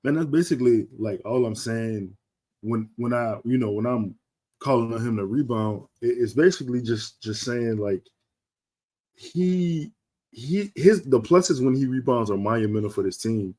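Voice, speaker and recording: A man's voice: medium pitch, animated, moderate pace, a little mellow. A man co-hosting a podcast in casual chat, talking with laid-back slang and thinking aloud as he goes. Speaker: podcast co-host.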